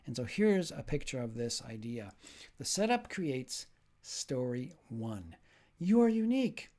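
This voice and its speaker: A man's voice: medium pitch, big pitch swings, a little slow, a little mellow. A man teaching a recorded lecture, explaining ideas step by step and putting questions to the listener. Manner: demonstrates sounds and rhythm drills.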